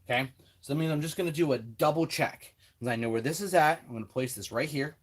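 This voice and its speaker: A man's voice: a little high, fast talker. A man hosting a hands-on build tutorial, chatting casually and talking himself through each step with self-deprecating asides, at a home workbench. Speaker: RC hobby tutorial host.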